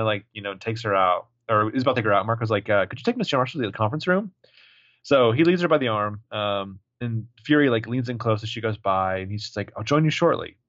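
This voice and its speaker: A man co-hosting a recap podcast in a casual chat, animated and swearing as he retells scenes. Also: lowish voice, no room sound, highs cut off. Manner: animated, swearing, jumping into voices for quoted lines. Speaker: podcast co-host recapping a TV episode.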